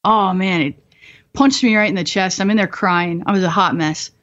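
A woman's voice: fairly low pitch, normal speed, a bit bright. A woman in her twenties, a guest on a podcast, telling her story in a candid, profane, self-mocking way and laughing often. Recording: slightly dull podcast audio.

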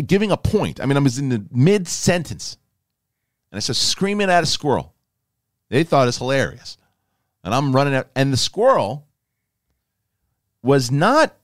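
A man hosting a podcast, telling a story in a casual, animated, emphatic way and swearing freely. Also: medium pitch, no echo, studio quality. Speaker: podcast host.

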